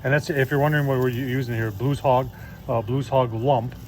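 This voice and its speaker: Hosting a casual outdoor barbecue demo, a man talks briskly in a steady, slightly mellow mid-range voice. He's folksy and chatty, calling viewers "folks" and repeatedly saying "I tell you what."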